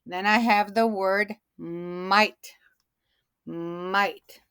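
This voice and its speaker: A woman teaching a phonics lesson to young students, saying each word slowly and repeating it so they can hear the sounds. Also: mid-range voice, a bit bright, no echo, clean studio sound. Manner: slow, deliberate, stretches and repeats words.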